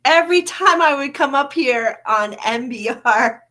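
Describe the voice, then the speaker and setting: A woman's voice: sits high, lively intonation, measured pace, pushed and bright. An older woman hosting her podcast in a candid, casual monologue, laughing now and then and swearing a little. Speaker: podcast host.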